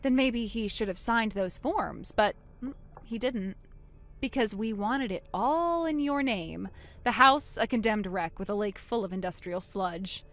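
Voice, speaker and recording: A woman voicing a wronged older sister in a text-message story, speaking low, subdued and cold. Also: lively intonation, unhurried, a bit bright. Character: wronged older sister, quiet and bitterly calm.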